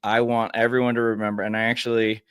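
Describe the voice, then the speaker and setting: A man's voice: fairly low pitch, flat delivery, fast talker, a bit bright, smooth, no echo. A young man, a mental golf coach and podcast guest, giving earnest, encouraging advice in casual chat with frequent "uh"s.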